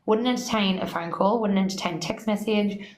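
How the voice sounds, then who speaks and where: A woman telling a story in casual chat. She is animated, swears freely and acts out both sides of quoted talk. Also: mid-range voice, fairly quick. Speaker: guest. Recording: echoey room with faint noise.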